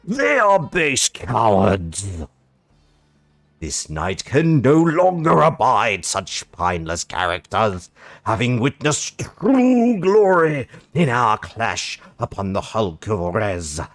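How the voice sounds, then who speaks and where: A man's voice: wildly swooping pitch, creaky, no echo, exaggerated voice. A man voicing a pompous, overeager worm knight who speaks in old-fashioned, grandiose declarations with a posh English accent. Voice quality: booming, theatrical archaic diction. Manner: loud, drawn-out, grandiose declarations.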